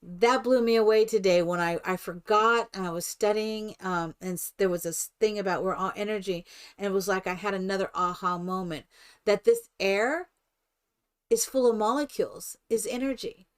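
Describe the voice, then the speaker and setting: An older woman streaming herself playing a game, chatting in a rambling, animated storytelling way. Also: mid-range voice, moderate pace, clear, resonant tone. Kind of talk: casual chat while playing a life-simulation game.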